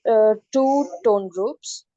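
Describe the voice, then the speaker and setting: A woman's voice: fairly high pitch, takes it slowly, mellow, no room sound, lo-fi sound. A woman student politely reading out her answers in an online class, hesitant and full of fillers.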